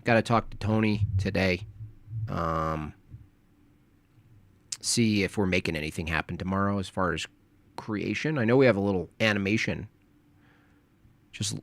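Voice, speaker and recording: A man's voice: fairly low pitch, a bit bright, no room sound. A man hosting a casual livestream, coughing and losing his voice, who rambles tiredly with many hesitations. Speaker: livestream host.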